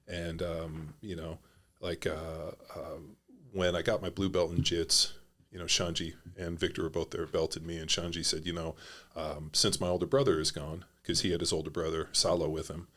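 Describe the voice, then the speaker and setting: A man's voice: low voice, flat delivery, normal speed, a bit bright. A middle-aged man, a former pro football player, telling stories as a podcast guest in a rambling, blunt and profane way. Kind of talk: casual conversational storytelling.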